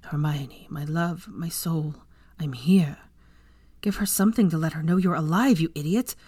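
A wounded young man, as a woman reads him out, mutters in a low, hushed, hoarse voice, straining to stay awake. The reading is close and dry. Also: normal speed, no room sound. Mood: strained. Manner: faint, strained, low inner voice. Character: weak injured young man, hoarse, willing himself awake.

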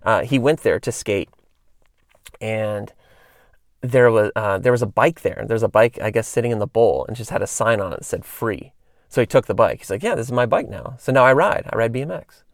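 A man's voice: lowish voice, moderate pace, no echo, clean studio sound. A man in his late thirties telling stories in a casual, rambling monologue, full of fillers and tangents, as a podcast host. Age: 30s.

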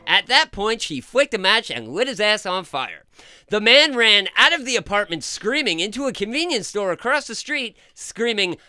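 Guy hosting a radio show, high voice, jokey and animated, bouncing all over. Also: normal speed, clear, resonant tone, no room sound. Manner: animated, joking, loud bursts. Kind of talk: casual radio banter, reading news stories.

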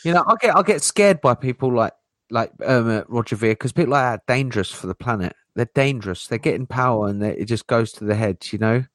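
A man's voice: medium pitch, expressive, quick pace, a bit bright, no room sound. Rambling man, dry close voice. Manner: rambling, heavy on fillers like "you know". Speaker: co-host. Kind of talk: casual livestream chat.

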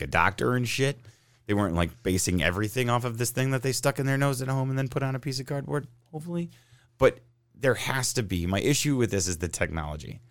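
Deep-voiced man ranting on a podcast. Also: no room sound. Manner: sarcastic, ranting, swears freely. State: stuffy from a sinus cold. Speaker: podcast host. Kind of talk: casual chat.

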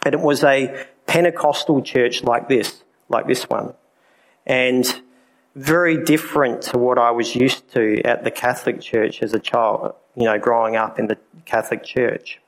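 A preacher shares his personal testimony with a church congregation, speaking candidly and conversationally with many fillers. His mid-range voice holds a steady tone at a slightly slow pace, and the recording is rough.

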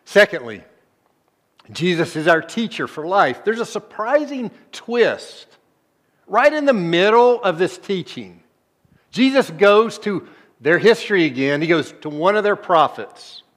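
A man preaching a sermon as a pastor. He swings between low, soft stretches and loud emphatic bursts, and keeps asking the congregation rhetorical questions. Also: lively intonation, unhurried.

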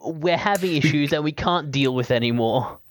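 A man's voice: fairly high pitch, normal speed. A man in a casual chat making dry, sarcastic interjections.

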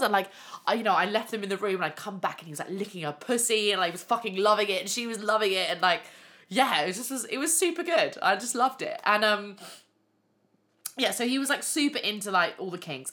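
A young woman hosting a podcast, telling frank, animated stories full of swearing and fillers. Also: mid-range voice. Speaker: podcast host. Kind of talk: candid casual storytelling.

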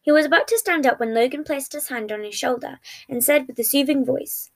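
A woman reads a fan fiction story aloud in a soft, even manner. Her voice sits a little high with a gravelly fry running through it. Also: brisk, few pauses. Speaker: narrator.

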